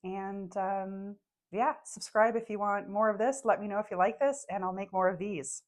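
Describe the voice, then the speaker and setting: A young woman guiding an energy-healing meditation, speaking softly and slowly while emotional and crying. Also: medium pitch, fairly even intonation. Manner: soft, slow and tearful. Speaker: meditation guide. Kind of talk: guided meditation.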